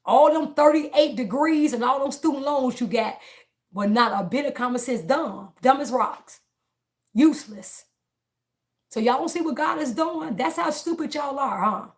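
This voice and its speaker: Emphatic woman livestreamer, fairly high voice. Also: moderate pace. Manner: emphatic, repeats phrases, talks straight to viewers; laughs between lines. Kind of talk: casual livestream monologue, preaching.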